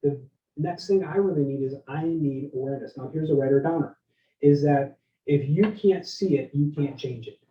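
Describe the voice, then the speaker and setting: A middle-aged man giving a lively live leadership workshop talk, telling stories and checking in with the audience. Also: a little high, normal speed. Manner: energetic, storytelling, keeps asking the audience "right?". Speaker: keynote speaker. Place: event room with live and online audience. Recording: roomy, distant, dull lo-fi sound.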